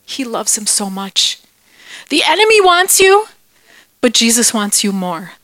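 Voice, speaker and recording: Animated woman teaching children a Bible lesson. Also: on the high side, a little slow, no echo. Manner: animated, playful, questions the kids.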